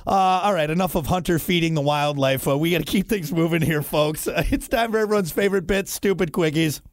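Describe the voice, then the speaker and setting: A man's voice: on the high side, quick pace, hardly any pauses, soft background music. A man hosting a morning radio show, joking and teasing his co-host in casual banter and reading station plugs. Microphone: studio mic.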